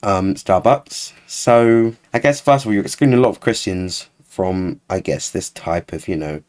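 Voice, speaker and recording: A man talks through a reaction video in a casual, sarcastic way. His voice sits a little low and he sounds openly exasperated. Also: moderate pace, hardly any pauses, darkish tone. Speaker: YouTuber.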